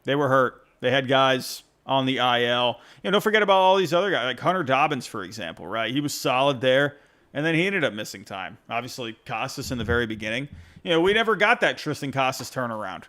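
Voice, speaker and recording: A man with a medium-pitched voice, fast and expressive, pushed and bright, runs a casual postgame call-in podcast. Reacting to the game while working through fan voicemails, he rambles and interrupts himself.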